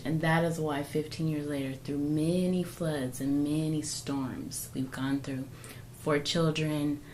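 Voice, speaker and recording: A woman co-hosting a faith-based marriage talk with her husband, speaking in a measured, preaching cadence. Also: deep voice, a little mellow, a little hiss or hum, rough recording. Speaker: co-host, wife.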